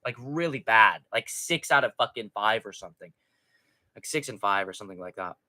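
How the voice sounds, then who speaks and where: A man's voice: fairly low pitch, expressive, brisk, sharp tone. A man hosting a live stream in casual, profane, rambling chat, reading out viewer comments. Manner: rambling, profane, chatty with frequent restarts.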